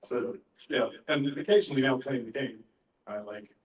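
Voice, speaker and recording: A middle-aged man, a voice actor, answering fan questions in a relaxed, anecdotal way at a convention panel. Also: mid-range voice. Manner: relaxed, anecdotal, pauses to gather his thoughts. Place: large convention panel room. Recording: echoey hall, voice heard from far off.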